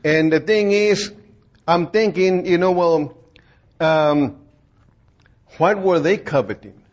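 A man with a fairly high voice takes his time preaching an informal sermon. His delivery is folksy and plain-spoken, wandering with lots of fillers and restarts, and the recording is dull lo-fi.

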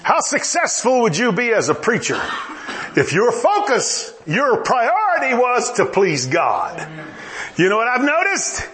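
Animated male preacher with lively pitch. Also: a little slow, slight background noise. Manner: animated, acts out dialogue with rising pitch and humorous asides. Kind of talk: sermon.

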